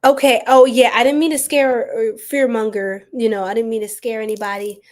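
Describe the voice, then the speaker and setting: Chatty higher-voiced woman reading tarot. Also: fairly quick. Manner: chatty, animated, laughs often, says y'all. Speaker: tarot and astrology reader. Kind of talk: casual livestream reading.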